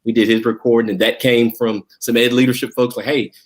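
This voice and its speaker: A man with a Southwest Virginia country accent, talking in a folksy, rambling way over a video call. His pitch sits in the middle range, and his speech is full of fillers and restarts. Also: level tone, a little fast. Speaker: guest, school district director. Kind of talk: casual conversational interview.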